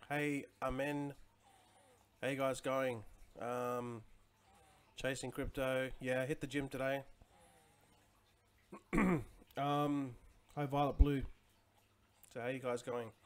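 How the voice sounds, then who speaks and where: A man in his forties chatting casually on a livestream, rambling with lots of fillers and greeting viewers by name. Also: medium pitch. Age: 40s. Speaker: crypto livestream host. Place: home in Chiang Mai.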